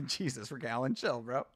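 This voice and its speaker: A man's voice: mid-range voice, a bit bright. A young American man hosting a casual fight watch-along, chatting with viewers and swearing casually. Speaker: livestream host.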